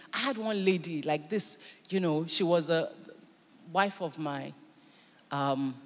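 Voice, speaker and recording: A woman pastor preaching a sermon in church, animated and emphatic, with sudden bursts of loudness. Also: low-pitched, in a large hall. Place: church hall.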